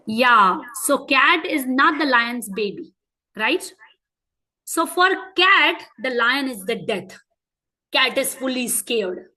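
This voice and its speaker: A woman with an Indian English accent leads a children's class. Her voice is high and bright. She keeps asking the children questions and tells her examples with lively, animated storytelling. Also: slow pace, rough recording. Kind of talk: interactive lesson for children.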